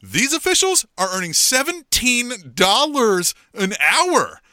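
A middle-aged man co-hosting a podcast in casual chat, telling a story in an animated way and acting out what people said. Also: very high-pitched, takes it slowly, dry recording, clean studio sound. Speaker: podcast co-host.

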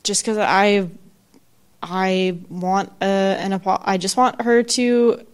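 A woman being counseled, answering hesitantly and softly, with many fillers. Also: mid-range voice, fairly even intonation, slow, clear, resonant tone. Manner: hesitant, soft, full of fillers. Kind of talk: casual conversation.

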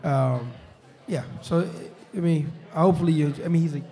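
A man's voice: fairly high pitch, moderate pace, vocal fry, warm tone. A man chatting casually on a live podcast taped in a restaurant, laughing often and filling with "you know what I'm saying". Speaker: pro football player, show guest host. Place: restaurant during a live show.

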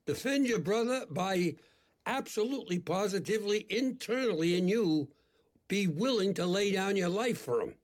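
An older man, a priest, speaking as an interview guest in an emphatic, deliberate, preacherly way. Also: high-pitched, lively intonation.

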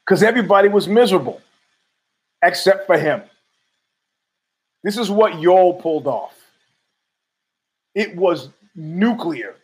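A man's voice: high voice, lively intonation, measured pace, long pauses, poor audio. Rambling, profane man on a podcast. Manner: rambling, profane, argues with himself. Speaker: podcast host. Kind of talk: casual monologue.

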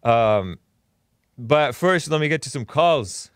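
A man's voice: medium pitch, expressive, takes it slowly, smooth, no echo, studio quality. A man hosting a political call-in talk show, blunt and opinionated, rambling with sarcastic asides.

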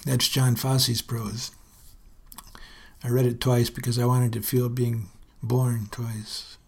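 A man giving a hushed, contemplative literary reading, with faint music behind him. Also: medium pitch, flat delivery, creaky, slightly rough. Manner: slow, hushed, contemplative delivery. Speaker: essay reader.

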